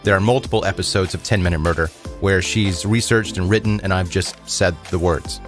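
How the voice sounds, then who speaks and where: A man's voice: deep voice, a little fast, faint music behind. A man hosting a true crime podcast, introducing a guest host in a friendly, casual way.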